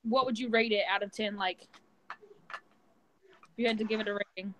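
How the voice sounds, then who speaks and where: A woman's voice: medium pitch, steady tone, normal speed, a little hiss or hum, rough recording. A young woman co-hosting a casual chat, blunt and profane, with many filler words. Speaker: podcast co-host.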